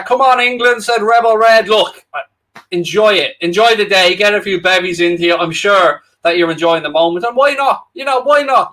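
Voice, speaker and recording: A man's voice: sits high, sharp tone. A young man with an Irish accent, co-hosting a football watchalong stream, chatting casually and jokily with viewers and reading out their comments. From Ireland. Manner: chatty, jokey, addresses viewers directly. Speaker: co-host of a football watchalong livestream.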